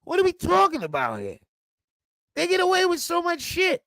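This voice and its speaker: A man rants on a casual livestream, cursing freely and jumping from low mutters to loud outbursts. His voice sits very high for a man and sounds bright and sharp. It is close and dry, with no room sound. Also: moderate pace, vocal fry, no echo. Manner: profane, animated ranting that swings loud and quiet. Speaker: streamer and football content creator.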